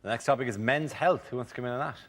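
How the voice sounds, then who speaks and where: A man's voice: mid-range voice, very fast, very noisy. A man hosting a panel show, briefly introducing each topic and calling on the next comedian.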